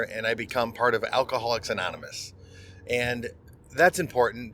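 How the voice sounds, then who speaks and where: A man's voice: mid-range voice, fairly bright tone, a little hiss or hum. A middle-aged man, a podcast host, telling a personal story in a candid, conversational monologue and often restarting words.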